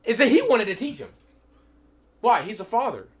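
A man in his thirties teaches from the Bible to a small group, emphatic and constantly asking his listeners questions and calling for their attention. His voice is high-pitched and sing-song, with a breathy edge and a moderate pace.

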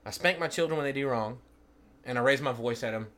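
Speaking fast in a mid-range, slightly bright voice, a thirtysomething man leads a small-group Bible lesson. He's emphatic, repeatedly demands attention, and keeps putting questions to his listeners.

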